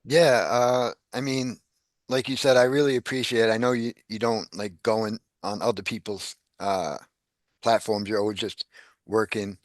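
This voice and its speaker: A man's voice: on the low side, steady tone, normal speed, dry recording. Man, host, easygoing, laughs along, rambling questions, dry sound. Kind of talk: casual chat.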